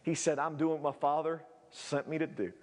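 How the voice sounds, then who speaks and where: A male pastor preaching a sermon, swinging between shouted peaks and low, quiet asides. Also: little pitch movement, brisk, long reverb tail.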